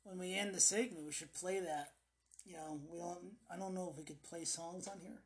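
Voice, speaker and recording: A man's voice: high-pitched, steady tone, normal speed. A man co-hosting a podcast in casual chat, telling rambling stories that trail off. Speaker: podcast co-host.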